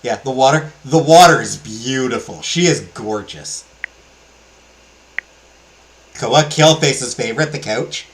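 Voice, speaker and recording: A man's voice: mid-range voice, moderate pace, low-quality recording. A man hosting a let's play, chatting casually and enthusiastically with many fillers as he talks through a game.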